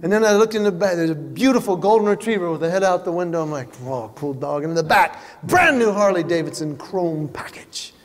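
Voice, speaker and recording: High-voiced man doing stand-up. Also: a little fast, hardly any pauses. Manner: animated storytelling, acting out voices. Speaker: comedian. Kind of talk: stand-up comedy. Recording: long hall reverb, faint background noise.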